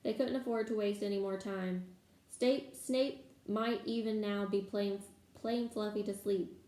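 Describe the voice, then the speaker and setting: A woman reading a novel aloud to listeners in steady storytelling manner, in an echoey room. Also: medium pitch, unhurried. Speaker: reader. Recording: echoey room, faint background noise.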